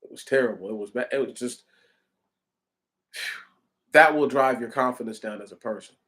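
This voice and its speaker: A man's voice: mid-range voice, moderate pace, a bit bright. A man reading the Bible aloud and explaining it in an earnest, candid, conversational way. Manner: once stuttered. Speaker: preacher.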